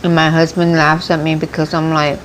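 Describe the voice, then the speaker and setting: A woman's voice: sits low, little pitch movement, normal speed, slight background noise, low-quality recording. A woman hosting a mukbang eating show, chatting and rambling casually between bites, with a runny nose. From United States. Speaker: mukbang vlogger.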